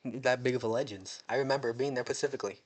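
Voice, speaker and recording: A young man from the United States talks through a wrestling show in a loose, rambling way. He jokes around, drifts between mock drama and everyday chat, and sits at an ordinary pitch for a man. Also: fast talker. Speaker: wrestling show recap host. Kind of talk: casual chat.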